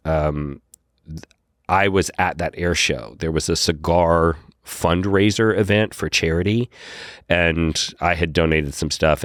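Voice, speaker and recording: A man, a podcast guest, telling a story in a casual, animated way and acting out his own lines. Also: very deep voice, no echo, studio quality. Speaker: podcast guest, whiskey brand founder.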